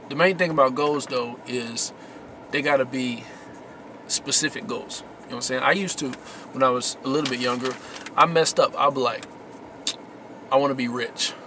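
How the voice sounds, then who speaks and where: Talking a little fast but pausing often, a man with a mid-range voice shares casual success tips with his viewers over a noisy background. His motivational to-camera style is slangy and emphatic, with key words said again and again.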